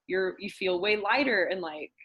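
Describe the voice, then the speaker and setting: A young woman sharing in a faith group, speaking slowly and with enthusiasm, with many "like" fillers. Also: mid-range voice, expressive, slightly rough, muffled recording. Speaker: group participant. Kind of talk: casual sharing.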